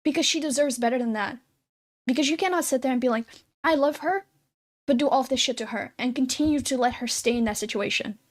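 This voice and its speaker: A woman's voice: sits high, quick pace. A woman in a heated conversation, lecturing and confrontational.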